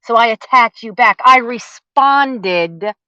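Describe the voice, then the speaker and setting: She's a woman vlogger with a high-ish, animated voice that sounds pushed and bright, and she takes her time delivering an angry, swearing rant at her target on camera, mocking and accusing throughout. The audio is dull, lo-fi, and dry, with no room sound.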